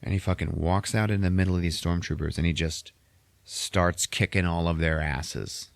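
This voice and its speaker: Male podcast host, foul-mouthed animated recap, slightly tipsy, low pitch, dry close sound. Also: normal speed, gravelly, dry recording. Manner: profane, animated storytelling. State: a bit tipsy. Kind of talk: casual movie recap chat.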